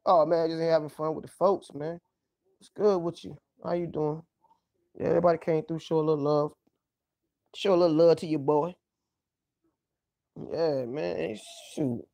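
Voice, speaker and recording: Dude rambling on his livestream, cussing constantly, loud outbursts, dry close mic. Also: a little high, fairly even intonation, moderate pace, creaky, long pauses, no echo. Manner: profane, loose, exclaiming and laughing. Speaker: livestream host. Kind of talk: rambling casual monologue.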